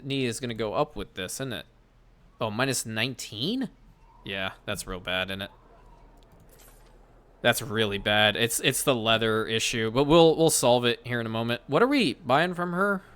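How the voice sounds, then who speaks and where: Guy with a bright, sharp voice chatting through a city builder, thinks out loud, corrects himself a lot. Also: medium pitch. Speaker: gaming channel host. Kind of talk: casual gameplay commentary.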